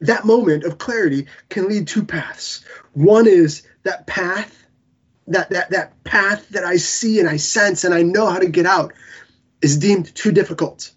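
A man preaching an earnest Bible-teaching sermon, halting and restarting often, and audibly emotional. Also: high-pitched, breathy edge, highs cut off.

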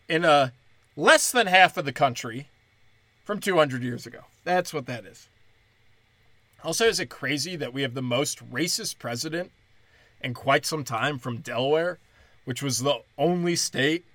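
A man's voice: medium pitch, pushed and bright, no room sound. A man hosting a podcast and delivering a sarcastic, profane, mocking comedic rant.

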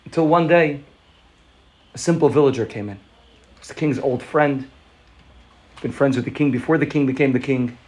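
A man's voice: medium pitch, moderate pace, pauses often, darkish tone. A man giving a fervent Hasidic farbrengen talk, telling a parable and often repeating words and restarting.

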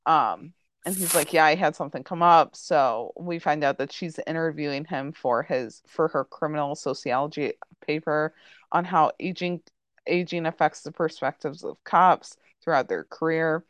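A woman's voice: deep voice, moderate pace, no echo. A woman hosting a casual podcast chat, recapping a TV episode and peppering her talk with "like" and "um". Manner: chatty, full of "like" and "um" fillers. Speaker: podcast host.

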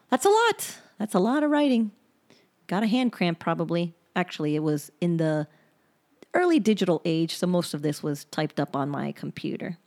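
A woman's voice: fairly low pitch, darkish tone. A woman hosting her own podcast, reading her old journal aloud and reflecting on it in a candid way, with some blunt swearing. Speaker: podcast host.

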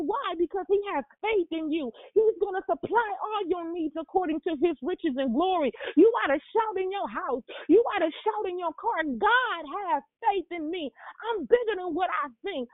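A woman's voice: very high voice, no room sound. A woman preaching a sermon in a fervent, rhythmic style, repeating her lines and at times her voice breaks with emotion. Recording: dry, tinny phone-like sound.

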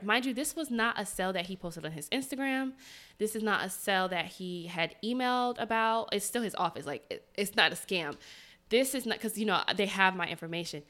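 Animated, bright-voiced woman telling a story. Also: mid-range voice, moderate pace. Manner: animated, dramatic, talks straight to listeners. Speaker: podcast host. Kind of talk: casual storytelling.

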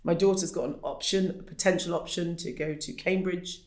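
Animated woman, roomy sound. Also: on the low side, a little fast. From United Kingdom. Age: middle-aged. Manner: animated storyteller, acts out quoted voices. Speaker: guest, Olympic athlete. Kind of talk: conversational interview. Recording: roomy echo.

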